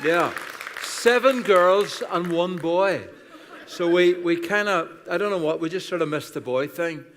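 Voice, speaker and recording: An Irish man in his sixties, a guest pastor, tells funny, self-deprecating stories in a chatty sermon in a church auditorium. His voice sits high and moves a little slowly with a bit of brightness, and the reverberant hall carries some chatter and slight background noise.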